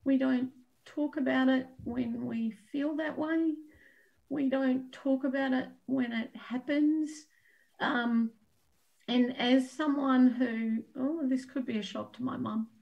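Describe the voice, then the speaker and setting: A woman's voice: sits high, fairly even intonation, slow, gravelly, dull audio. A woman co-hosting an online event, speaking in an earnest and open way. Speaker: co-host and organizer. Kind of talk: heartfelt address. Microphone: video call.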